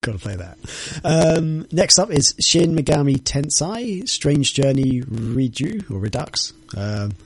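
A man hosting a casual gaming podcast, reading out a list with hesitant pauses and fillers. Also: a little high, big pitch swings, no room sound, poor audio. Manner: hesitant, many ums and uhs.

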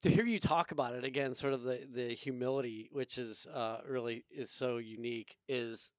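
A man's voice: mid-range voice, normal speed, dry recording. A man hosting a podcast, chatting casually with his guest, laughing along and encouraging her. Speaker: podcast host.

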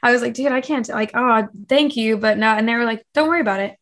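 A woman's voice: on the high side, quick pace, fairly bright tone. Chatty young woman telling stories. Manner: chatty storyteller, fillers, acts out quotes. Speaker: podcast guest. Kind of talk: casual interview chat.

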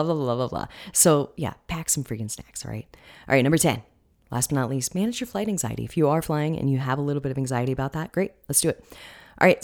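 A woman's voice: very deep voice, darkish tone. A woman hosting a wellness podcast in a casual solo talk, with a groggy morning voice, chatty and often checking in with the listener.

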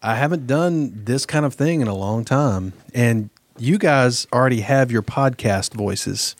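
A man's voice: medium pitch, measured pace, dry recording. A man, chatting playfully as a podcast guest co-host. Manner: playful, tries out silly voices. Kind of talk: casual podcast banter.

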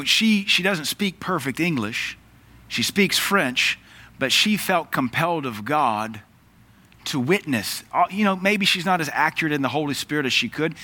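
A man's voice: mid-range voice, pushed and bright. A man preaching a sermon in an earnest, emphatic way, quoting scripture.

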